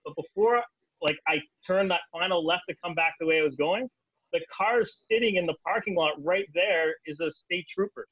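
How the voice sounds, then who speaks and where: Lively Canadian man with a muffled sound. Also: normal speed, slightly rough, no room sound. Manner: animated, laughs through stories, jumps into high voices when quoting. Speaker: guest. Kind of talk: casual storytelling.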